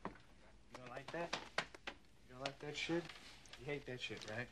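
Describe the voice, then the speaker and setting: A man's voice: mid-range voice, moderate pace, noisy background, lightly acted. An actor playing a brash, profane convict bluffing his way as a cop, in a film scene. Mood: taunting. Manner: cocky, profane, taunting. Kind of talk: film acting. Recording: film soundtrack with music.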